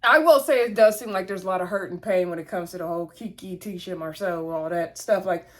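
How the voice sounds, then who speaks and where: A woman's voice: on the low side, a little fast. A woman, casually recapping a reality show episode in a chatty, gossipy way. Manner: chatty, gossipy, acts out the cast's lines.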